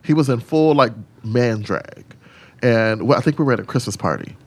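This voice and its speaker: A man who is a drag queen, talking frankly and sassily on a podcast and telling animated stories. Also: moderate pace, breathy edge, dry recording. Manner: animated storyteller, swings into high mimicking voices and whispers; sassy, frank, swears freely. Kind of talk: casual podcast chat.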